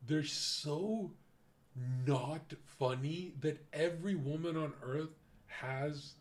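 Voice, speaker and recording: A man's voice: a little high, takes it slowly. A man with a lisp, a streamer talking in a blunt, profane and rambling way as casual reaction commentary.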